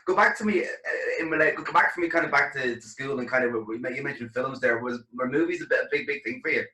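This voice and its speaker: Fast-talking host in an echoey room. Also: male voice, medium pitch. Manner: quick, animated, halting restarts. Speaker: interview host. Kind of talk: casual interview chat.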